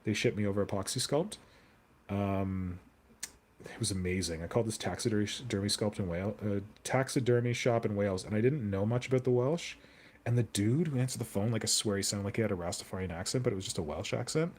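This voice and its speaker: A man's voice: lowish voice, fairly quick, darkish tone. Chatty man streaming his hobby. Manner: rambling, chatty, answers viewer comments aloud. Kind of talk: casual live-stream chat while sculpting.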